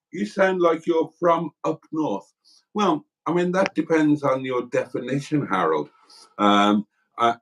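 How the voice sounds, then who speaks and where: A middle-aged man from South Wales chats through a livestream, reading viewer comments aloud in a rambling, self-mocking way. His voice sits at an ordinary mid pitch. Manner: rambling, self-deprecating, chatty. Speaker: livestream host.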